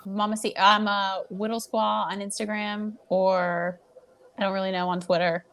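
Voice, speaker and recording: A woman's voice: medium pitch, level tone, normal speed, fairly bright tone. A woman chatting as a guest, speaking hesitantly and unsure of herself. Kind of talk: casual chat.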